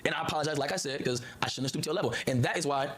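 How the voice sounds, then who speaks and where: A man's voice: a little high, racing, a bit bright, breathy edge. A man on a livestream clip, talking in a rambling, heated way and repeating "you feel me" and "you know what I'm saying.". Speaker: streamer in a played clip. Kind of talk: heated casual livestream talk.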